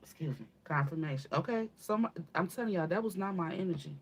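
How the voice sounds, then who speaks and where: In a brisk, fairly low voice with lively intonation, this spiritual reader channels a reading for her audience over slight background noise. Her talk is emphatic, blunt and casual: she curses, calls people "baby," repeats points and keeps checking "okay?"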